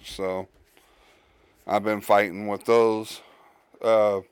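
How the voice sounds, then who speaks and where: A man hosts a solo podcast at an unhurried, deliberate pace. His voice is smooth and clear and sits a little low. The sound is dry and close, and he stumbles and restarts as he talks. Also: little pitch movement, no echo. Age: adult, a father. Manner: halting, many fillers and restarts. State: tired, yawning. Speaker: podcast host. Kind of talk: casual solo podcast monologue.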